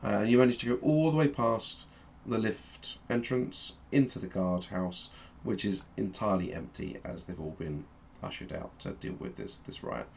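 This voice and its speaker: A man runs a tabletop game as game master, narrating in a low voice with a gravelly grain. His delivery halts, with frequent fillers and restarts. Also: expressive, moderate pace, a little mellow, slight background noise.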